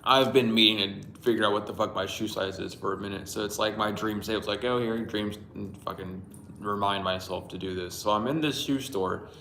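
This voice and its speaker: Livestream host, male, lowish voice, rambling and profane, greets viewers, echoey room. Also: fairly even intonation, fairly quick, gravelly, sharp tone, a little hiss or hum. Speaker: livestream host reading dreams. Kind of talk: casual livestream dream storytelling. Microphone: Bluetooth mic.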